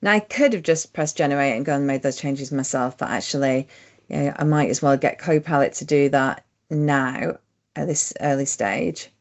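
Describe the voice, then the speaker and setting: Low-voiced woman giving a software walkthrough. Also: moderate pace. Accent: strong regional accent. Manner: relaxed, methodical walkthrough with fillers. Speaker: presenter demonstrating software. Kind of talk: screen-share tutorial.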